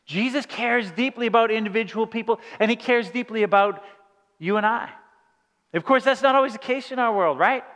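Male pastor, sermon, high voice, animated storytelling, frequent restarts, long hall reverb. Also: fairly quick.

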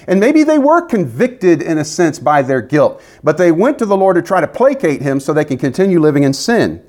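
A male pastor delivers an expository sermon with a fairly high voice. His pitch swings widely as he presses each point with emphatic, animated preaching. He often drops into quoted voices to act out the people in the text.

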